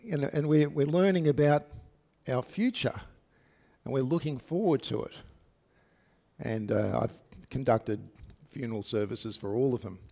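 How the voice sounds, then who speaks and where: With a fairly high, slightly mellow voice, a pastor delivers a sermon at a church service. He talks to the congregation conversationally, sprinkling in many fillers and asides.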